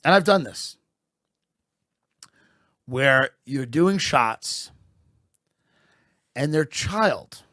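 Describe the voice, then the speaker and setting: A man delivering a satirical comedic monologue in a mock-patriotic, deadpan manner that swells into shouted bursts. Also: medium pitch, extremely slow, pauses often, dry recording, studio quality.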